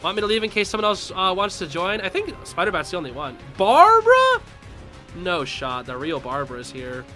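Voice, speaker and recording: A young man live-streaming a game, commenting casually and yelling and laughing at the action. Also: on the high side, fairly even intonation, fairly quick, soft background music. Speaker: streamer playing online matches.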